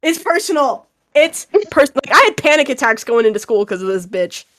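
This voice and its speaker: High-voiced young woman ranting animatedly. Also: fairly quick, no echo. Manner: animated, exaggerated ranting with frequent "literally". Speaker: podcast co-host. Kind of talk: casual chat.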